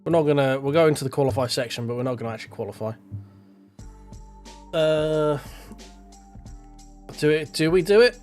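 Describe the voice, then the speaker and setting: A man on a live sim racing stream, muttering his way through menus and corners with casual swearing. His voice sits slightly high for a man. Faint music plays behind him. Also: normal speed, pauses often, darkish tone. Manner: rambling, self-talking, casual swearing. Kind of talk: live gameplay commentary.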